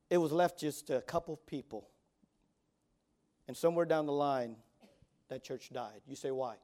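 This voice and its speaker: A man in his forties preaching as a youth pastor, swinging between loud exhortation and quiet asides, often stammering and repeating words. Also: mid-range voice, moderate pace, long pauses. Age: 40s. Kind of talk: sermon.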